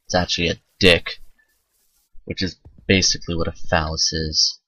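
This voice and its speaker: A man's voice: sits low, level tone, moderate pace, pushed and bright, no room sound, low-quality recording. A man casually commenting on his own gameplay, rambling and self-mocking and swearing often. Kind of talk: casual let's-play commentary.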